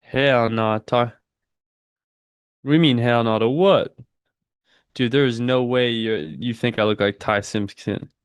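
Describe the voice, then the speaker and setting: A man's voice: mid-range voice, measured pace, pauses often, clear, resonant tone, dry recording. A man in his twenties hosting a live trading stream, chatting with viewers and calling the market in a slangy, laid-back way. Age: 20s. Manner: slangy, laid-back, says dude a lot. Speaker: day-trading livestream host. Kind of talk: casual livestream chat with market commentary.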